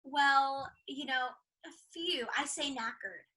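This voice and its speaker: A woman's voice: high voice, pushed and bright, rough recording. A young American woman in a casual interview, telling stories in a bubbly, rambling way with lots of "like" fillers. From United States. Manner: bubbly, fast-rambling storyteller with frequent laughs and filler likes. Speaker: actress, interview guest.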